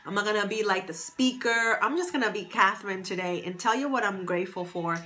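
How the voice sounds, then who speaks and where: Woman, casual live-stream host, bright tone, chatty and upbeat, welcomes viewers by name. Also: medium pitch, brisk. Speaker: livestream host, fashion stylist and confidence coach. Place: at home near Boston. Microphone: phone.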